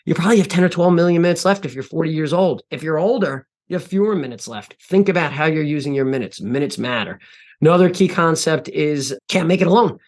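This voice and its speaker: A man in his forties, a podcast guest, telling reflective stories in an earnest way, often pausing and restarting. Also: fairly high pitch, lively intonation. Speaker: podcast guest, CEO and author. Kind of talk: interview storytelling.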